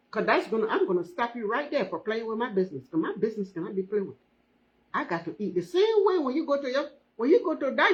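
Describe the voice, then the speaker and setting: A woman's voice: fairly high pitch, lo-fi sound. A woman running her hair braiding business, talking to viewers on a live stream, emphatic and repeating herself, often asking "hmm?". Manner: emphatic, repeats phrases, often asks 'hmm?'.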